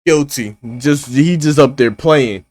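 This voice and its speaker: A man streaming his reactions to a clip, cutting in with mocking jokes and loud exclamations. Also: mid-range voice, slow, dry recording. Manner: animated, mocking, loud outbursts. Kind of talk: reaction commentary.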